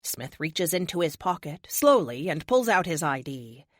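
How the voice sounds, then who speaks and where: A woman's voice: sits low, very animated, unhurried, no echo, studio quality. A woman narrating a first-person audiobook in a wry, spirited voice.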